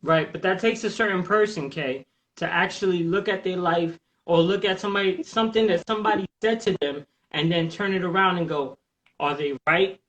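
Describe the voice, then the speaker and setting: A man's voice: high voice, a little fast, few pauses, low-quality recording. A man hosting a casual live podcast, talking bluntly with plenty of profanity and pulling others in with questions. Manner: blunt, profane and animated, drawing listeners in with questions. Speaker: podcast host.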